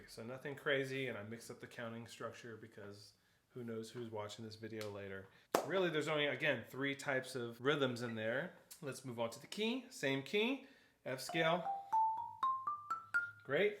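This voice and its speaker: A man's voice: mid-range voice, expressive, normal speed. Echoey male percussion teacher. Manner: explains step by step, counts aloud and calls out notes and stickings. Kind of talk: instructional tutorial. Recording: echoey room with faint noise.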